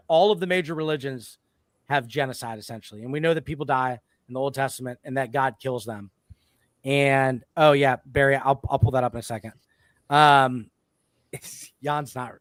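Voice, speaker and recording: A man's voice: mid-range voice, fairly bright tone, no room sound. A man hosting a podcast in a casual, rambling way, often breaking off and restarting his sentences. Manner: rambling, self-interrupting. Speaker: podcast host. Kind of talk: casual chat.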